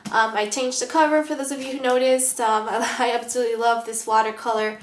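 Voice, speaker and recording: A woman with a somewhat high, nasal voice that sounds stuffed up. She talks casually with plenty of ums, and the room around her has a noticeable echo. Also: fairly even intonation, brisk, slight background noise. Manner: chatty, many ums. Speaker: planner vlogger. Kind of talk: casual show-and-tell vlog.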